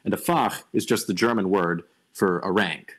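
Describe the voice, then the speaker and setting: Young man, lower pitch, relaxed online lecturer; halting, restarts often, opinionated. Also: slightly rough. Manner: thinking aloud, many restarts and ums, opinionated asides. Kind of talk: casual online lecture over voice chat. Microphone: computer mic on a voice call.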